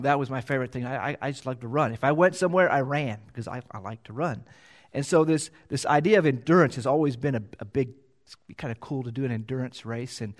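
A middle-aged man preaching, reading scripture and then talking plainly with many restarts. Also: a little high. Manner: plain, halting, self-deprecating with many restarts. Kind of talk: Bible reading then casual sermon.

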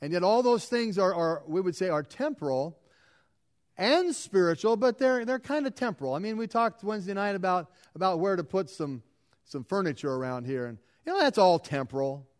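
Preaching man with a fairly high voice. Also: lively intonation, normal speed. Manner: preaching with rising emphasis and repeated phrases. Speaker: pastor. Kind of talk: sermon.

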